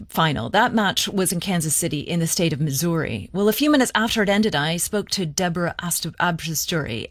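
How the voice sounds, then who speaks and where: A woman radio presenter hosts a weekend news program, leading interviews in a measured, friendly way. Her voice sits in a middle range and the sound is dry. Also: on the low side, no echo.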